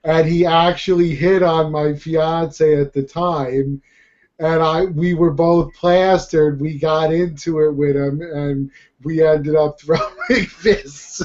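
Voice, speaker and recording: A Brooklyn man with a New York accent tells stories in an easygoing, drawn-out way. His voice is fairly high for a man, and he laughs easily. The recording sounds dull and lo-fi. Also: steady tone, darkish tone. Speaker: podcast co-host. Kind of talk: casual chat.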